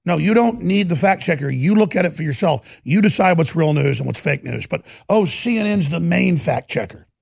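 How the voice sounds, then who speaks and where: A man's voice: fairly high pitch, lively intonation, brisk, gravelly, few pauses, a little mellow, no echo, clean studio sound. A man with a Texan accent hosting opinionated political commentary, sarcastic and mocking. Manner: sarcastic, mocking, slips into put-on voices.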